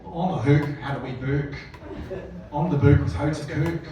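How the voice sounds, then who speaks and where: A man's voice: a little high, fairly even intonation, moderate pace, background noise, natural voice. A man putting on a Glaswegian storybook reader. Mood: playful. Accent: Glaswegian, put on. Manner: sing-song rhyming recital. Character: man reading a children's rhyme in a Glaswegian accent. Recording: echoey live venue, distant mic, crowd.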